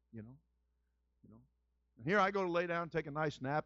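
A male pastor telling folksy stories in a sermon, building to loud, shouted fervor. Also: a little high, lively intonation, brisk, long pauses, dry recording. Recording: muffled lo-fi dry recording.

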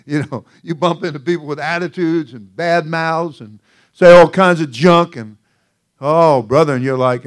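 A man's voice: fairly high pitch, unhurried. A male senior pastor preaching a sermon in a folksy, joking way, often laughing and calling out "oh, brother.".

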